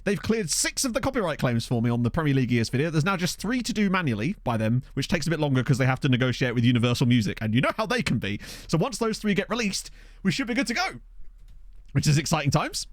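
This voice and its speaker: A man's voice: a little high, sing-song, fast, dry recording, studio quality. A man chatting casually with his live-stream viewers and answering their messages in a playful, talkative way. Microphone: desk condenser mic.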